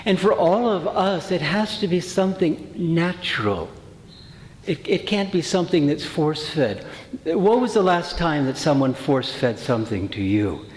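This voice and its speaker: A man's voice: on the high side, lively intonation, unhurried. A man giving a spiritual talk to a retreat group, telling stories in a conversational way, with frequent fillers and restarts. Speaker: retreat teacher. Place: retreat hall. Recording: roomy hall reverb.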